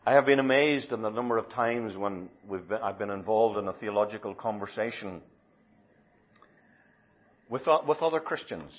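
A man preaching a sermon in a slow, deliberate and emphatic way, stretching key words. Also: fairly low pitch. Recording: dull lo-fi recording.

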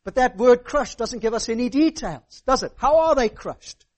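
A man's voice: very high-pitched, expressive, normal speed, a little mellow. A man preaching a sermon, stressing words and checking in with "all right?". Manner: emphatic, asks the hearers "all right?" often.

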